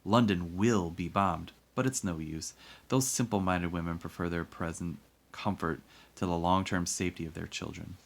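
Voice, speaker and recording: A man voicing a brisk, stern upper-class woman who organizes and commands. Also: low voice, fairly even intonation. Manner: crisp, commanding.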